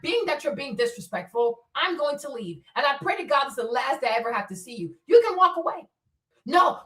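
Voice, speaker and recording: A woman's voice: sits high, pushed and bright, echoey room, far from the mic. A woman hosting her own commentary show, scolding bluntly with profanity and rhetorical questions. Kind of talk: opinionated solo commentary.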